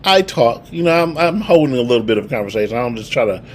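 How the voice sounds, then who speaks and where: A man's voice: mid-range voice, fast, a little hiss or hum. A young man, casually telling a story on a podcast and acting out the quotes. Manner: animated storyteller, acts out quotes. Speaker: podcast co-host.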